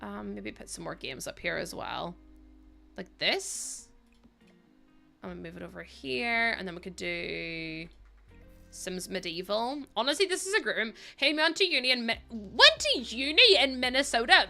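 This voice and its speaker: A woman's voice: on the high side, sing-song, moderate pace, creaky, sharp tone, soft background music. A young Northern Irish woman chatting casually to her livestream viewers while she builds in a game, laughing often and swearing freely. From Northern Ireland. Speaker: streamer.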